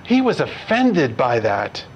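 A man's voice: medium pitch, huge pitch swings, takes it slowly, lo-fi sound, slight background noise. A man preaching a conversational sermon as pastor, earnest and putting direct questions to his congregation.

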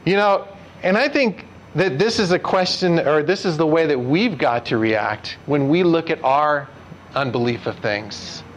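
High-voiced pastor preaching earnestly. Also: male voice, animated, a little slow, low-quality recording. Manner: earnest, direct questions to the congregation. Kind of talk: conversational sermon.

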